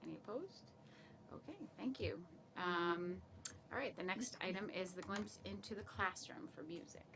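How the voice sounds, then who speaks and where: Woman chairing a meeting, brisk. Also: mid-range voice, vocal fry, background noise. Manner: brisk, procedural. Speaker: committee chair. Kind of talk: running a meeting agenda.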